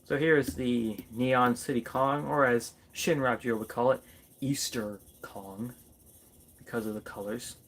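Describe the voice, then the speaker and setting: A man's voice: medium pitch, steady tone, slow, fairly bright tone. A man doing a casual toy review vlog, playfully chatting to his figures as if they were people.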